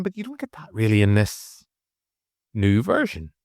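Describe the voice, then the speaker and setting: A Northern Irish man co-hosting a movie review podcast, rambling casually with restarts and animated asides. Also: on the low side, normal speed, long pauses, dry recording, studio quality. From Northern Ireland. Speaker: podcast co-host.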